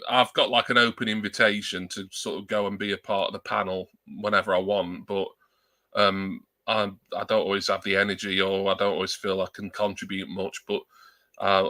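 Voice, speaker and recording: Casual streamer, low-ish bright voice, self-mocking and rambling, dry close mic at home. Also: male voice, dry recording. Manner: rambling, self-deprecating, joking. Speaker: live streamer. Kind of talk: casual live-stream chat. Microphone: new external desk mic.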